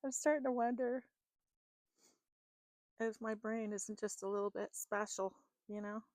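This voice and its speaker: A woman's voice: mid-range voice, fairly even intonation, unhurried, a little mellow, dry recording, clean studio sound. A woman doing a tarot reading, rambling in a chatty, self-deprecating way with lots of fillers and laughs. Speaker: tarot card reader. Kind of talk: rambling casual monologue.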